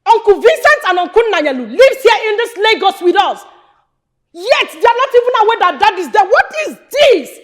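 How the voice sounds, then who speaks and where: A woman's voice: extremely high pitch, big pitch swings. An actress with a Nigerian accent playing a fiery grown daughter who scolds her family after her father's death. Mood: furious. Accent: Nigerian English. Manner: scolding, sharp, rapid accusations. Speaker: actor. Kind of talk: Nollywood film acting.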